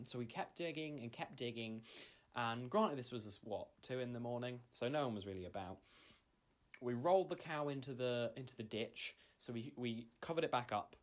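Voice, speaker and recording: Rambling man hosting a comedy podcast. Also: medium pitch. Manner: rambling, stammering, escalating rant. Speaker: podcast host. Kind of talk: improvised comedic storytelling.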